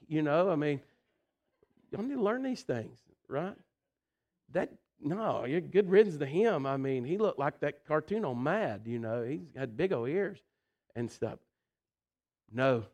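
With a voice a little high and a normal speaking speed, this man preaches in a folksy, animated manner. His delivery swings from loud emphasis to quiet intensity, punctuated by frequent "listen" and "you know."

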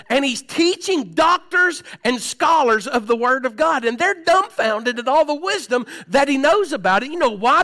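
Male preacher, high and bright voice, storytelling sermon that moves between hush and volume. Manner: storytelling, swings between hushed and raised, asks the congregation questions.

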